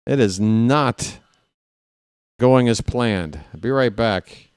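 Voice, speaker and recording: A man's voice: medium pitch, slow, darkish tone, smooth, no echo, clean studio sound. A man calling baseball play-by-play for his stream, with casual, self-deprecating asides to viewers.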